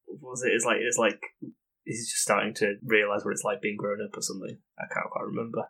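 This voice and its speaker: A man's voice: fairly low pitch, flat delivery, quick pace, vocal fry, sharp tone, breathy edge, rough recording. Easygoing man on a podcast. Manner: easygoing, hesitant, laughs often. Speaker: podcast co-host. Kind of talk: casual podcast chat.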